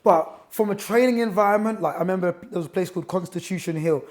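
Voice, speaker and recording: High-voiced man, chatty boxing coach. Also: fast talker. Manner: enthusiastic storyteller, chatty. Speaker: boxing coach and author, podcast guest. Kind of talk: casual interview chat. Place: gym.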